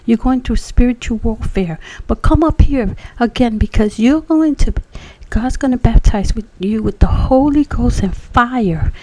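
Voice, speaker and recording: A woman's voice: on the high side, animated, a little slow, hardly any pauses, slight background noise, rough recording. A woman quoting a fiery male revival preacher. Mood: proclaiming. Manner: loud, declaiming, insistent.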